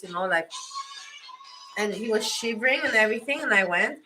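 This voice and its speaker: A woman with tells a story to her viewers in a bright, forceful voice, blunt and swearing, often breaking off and restarting. Faint music plays behind her. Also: mid-range voice, brisk, low-quality recording. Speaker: livestream host.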